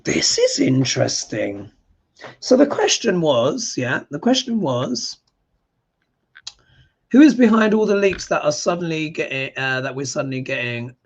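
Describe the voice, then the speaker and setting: A man hosting a live astrology stream, chatting and reading viewer comments in an animated way. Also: a little high. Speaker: astrologer and live show host.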